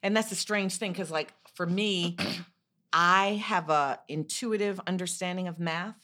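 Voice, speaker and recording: A woman's voice: lowish voice, measured pace, pushed and bright. A woman in casual conversation, asking probing questions and giving firm opinions.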